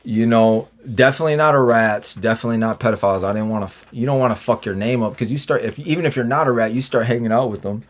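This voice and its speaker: A man's voice: medium pitch, quick pace, few pauses. A man recounts his time behind bars in loose, profane conversation. He stumbles through restarts and fillers. He slips into quoted back-and-forth as he talks. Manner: acts out his own and others' lines in quoted dialogue. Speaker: podcast guest, former prisoner. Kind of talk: casual storytelling interview.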